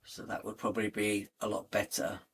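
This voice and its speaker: A man's voice: lowish voice, monotone, fairly quick, fairly bright tone, breathy edge. A man co-hosting a casual live stream, adding cooking tips and dry teasing remarks. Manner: dry teasing, plenty of short agreements. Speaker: co-host.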